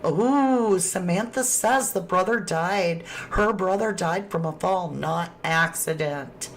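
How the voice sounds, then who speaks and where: Middle-aged woman, livestream host reading chat aloud, warm and affectionate delivery. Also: fairly low pitch, slow, hardly any pauses, slight background noise. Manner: affectionate, calls viewers sweetheart and lovelies. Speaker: true crime livestream host.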